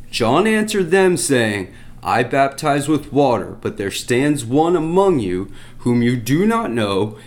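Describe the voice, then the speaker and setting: A man teaching from the Bible, reading scripture aloud and then explaining it in plain talk, often restarting his sentences. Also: fairly low pitch. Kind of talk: sermon.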